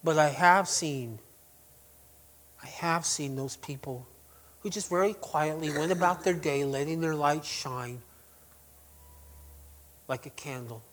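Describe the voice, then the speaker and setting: Higher-voiced male preacher, loud then hushed. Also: unhurried. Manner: swings from loud emphatic to hushed quiet delivery; conversational with restarts and asides to the congregation. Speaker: pastor. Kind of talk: sermon.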